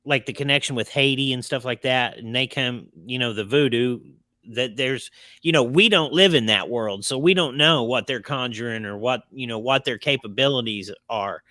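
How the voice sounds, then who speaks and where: A man's voice: mid-range voice, moderate pace, pushed and bright, no echo. A man hosting a paranormal podcast, speaking hesitantly and filling his sentences with "you know". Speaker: podcast host. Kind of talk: casual interview chat.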